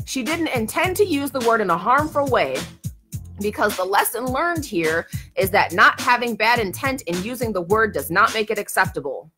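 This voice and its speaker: A woman's voice: fairly high pitch, very animated, normal speed, music in the background. A woman co-hosting a podcast, reading news stories aloud in a dry, blunt way. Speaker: podcast co-host.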